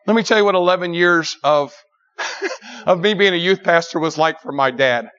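A middle-aged man preaching in an animated, emphatic storytelling style, often repeating words as he builds a story. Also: on the high side, moderate pace, clear, resonant tone. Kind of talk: storytelling sermon. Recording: dull lo-fi sermon recording.

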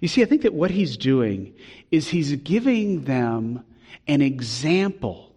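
A man's voice: on the high side, sing-song, slow pace, slightly rough. Man preaching a sermon in a reverberant hall. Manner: earnest, warm preaching with emphatic rises. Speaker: pastor. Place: church sanctuary.

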